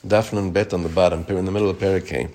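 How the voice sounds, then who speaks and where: A man teaching a Torah class as rabbi, reading text quickly and explaining it in chatty English. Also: deep voice. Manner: reads Hebrew text fast, then explains it in relaxed English; chatty, with frequent restarts.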